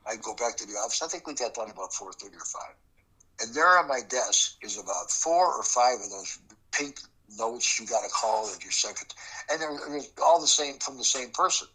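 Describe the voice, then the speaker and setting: A man's voice: mid-range voice, lively intonation, moderate pace, pushed and bright, husky, poor audio. An older man, a former prosecutor recounting a case in an interview, emphatic and acting out the dialogue. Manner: emphatic, acts out quoted dialogue. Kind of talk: storytelling interview.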